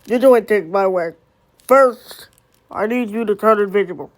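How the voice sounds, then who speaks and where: A woman's voice: mid-range voice, normal speed, natural voice. A woman voicing a crude, rude male ghost prankster who talks in a brash, mocking, pushy way.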